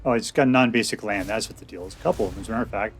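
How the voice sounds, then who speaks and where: A man's voice: fairly low pitch, very fast, background noise. Man casually narrating his own gameplay. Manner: talks to himself, counting cards aloud, sarcastic. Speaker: game commentator.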